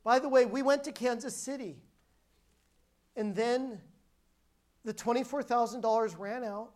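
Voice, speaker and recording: A woman's voice: a little high, a little slow, a little mellow. A woman preacher giving a sermon as a personal testimony, telling her story emphatically and often restarting her sentences.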